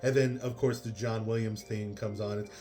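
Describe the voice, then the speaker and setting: A man's voice: lowish voice, flat delivery, normal speed, warm tone, faint music behind. A man giving a casual spoken movie review, rambling with many fillers and exasperated asides.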